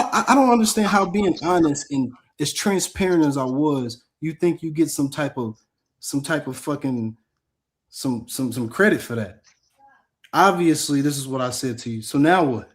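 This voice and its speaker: A man's voice: fairly high pitch, a little mellow. A man guesting on a live panel show, arguing bluntly and swearing freely in a heated debate.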